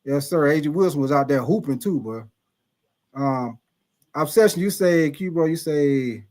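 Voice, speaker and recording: A man's voice: fairly high pitch, lively intonation, moderate pace, darkish tone. A young man hosting a live stream, chatting casually and reading viewer comments with loose slang and frequent laughs. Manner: laid-back, loose slang, laughs often.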